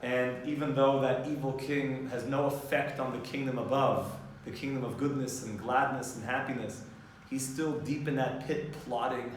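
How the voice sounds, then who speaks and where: A man teaching a Torah class, explaining in a lively way and mixing in Hebrew terms. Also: medium pitch, moderate pace, slight background noise. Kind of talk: informal class lecture. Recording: echoey room, distant mic, faint ambience.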